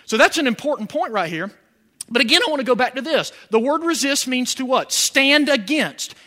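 Pastor guy preaching, really high voice, lots of ups and downs, keeps asking the crowd what. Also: animated, a little fast, sharp tone. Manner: preaching with rising emphasis and call-and-response questions. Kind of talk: sermon.

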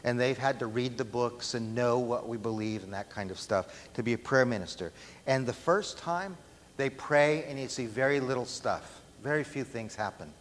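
A man's voice: medium pitch, moderate pace. Emphatic preacher man in a reverberant hall. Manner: emphatic, asks the room questions. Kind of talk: sermon. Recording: long hall reverb, faint background noise.

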